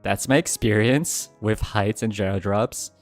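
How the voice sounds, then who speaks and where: A man's voice: a little slow, soft background music. Chatty young man telling stories. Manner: animated storytelling, jumps to high yelps when recounting fear. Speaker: streamer. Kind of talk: casual Q&A livestream chat.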